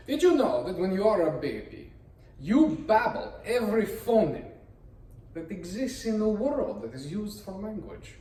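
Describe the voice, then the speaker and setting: A man explains how voice work is done, with a high-set voice that swoops widely as he plays up each point. He talks theatrically and teasingly, pitching questions at his listeners, and sounds a little distant in an echoey room. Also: big pitch swings, a little slow, warm tone. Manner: theatrical, playful, rhetorical questions. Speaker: voice performer. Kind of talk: explanatory monologue on voice acting.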